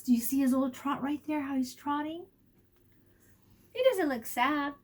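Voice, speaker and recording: Woman teacher, storybook read-aloud, high lively voice, slow unhurried delivery. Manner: warm, animated storytelling with questions to children. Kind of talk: reading a picture book aloud to children.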